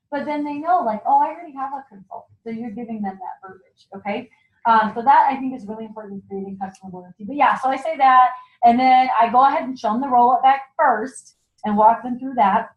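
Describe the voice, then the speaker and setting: A woman giving a chatty sales training talk at a meeting, acting out what customers say. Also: medium pitch. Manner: chatty, acts out customer lines in quick voices. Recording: echoey room, dull lo-fi sound.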